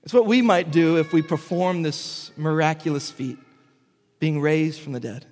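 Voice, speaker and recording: A man preaching a sermon as pastor, moving between animated asides and hushed, slow emphasis. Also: fairly high pitch, long reverb tail, faint music behind.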